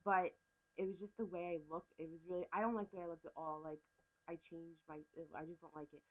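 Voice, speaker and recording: A young woman excitedly telling a personal story as a vlogger, gushing and full of "like". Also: fairly low pitch, fast talker. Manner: breathless, gushing, lots of "like". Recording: tinny phone-like audio.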